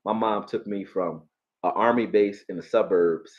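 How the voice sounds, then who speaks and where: A man from Philadelphia with a Philly accent, hosting a live football stream, profane and animated, talking back to his chat. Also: lowish voice, moderate pace, dull audio. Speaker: sports streamer.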